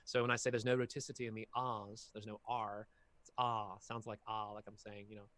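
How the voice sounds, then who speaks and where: His voice runs on the low side and his delivery is brisk, with no echo in the recording. He's a half-Filipino voice actor and workshop guest online, an animated, talkative storyteller spinning long, casual tales from his career.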